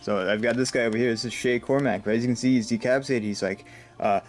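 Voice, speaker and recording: A man's voice: lowish voice, fairly even intonation, fast. A young man from the United States, rambling and joking through a casual vlog at home, with many fillers. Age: young adult. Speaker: vlogger. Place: home room.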